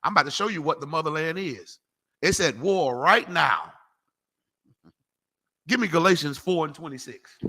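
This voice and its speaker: Emphatic slangy preacher man, bright voice. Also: fairly high pitch, normal speed, long pauses, breathy edge. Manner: animated, slangy, emphatic, calls for scripture readings. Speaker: street preacher teaching a class. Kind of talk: preaching lecture.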